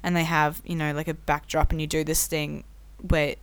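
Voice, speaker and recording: A woman's voice: sits low, flat delivery, normal speed, clean tone, no echo. A young woman, a podcast guest in casual chat, rambling and giggly.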